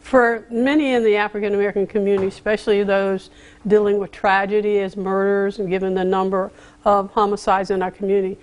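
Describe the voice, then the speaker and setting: A woman's voice: medium pitch, level tone. Woman hosting a formal interview. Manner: measured, formal questioning. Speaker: interview host.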